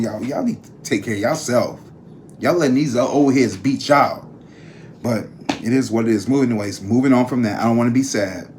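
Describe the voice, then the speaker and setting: A man's voice: medium pitch, darkish tone, a little hiss or hum. Male vlogger, talky and emphatic, easygoing chat straight to camera. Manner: chatty, emphatic, addresses viewers as a group. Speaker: tarot reader and vlog host.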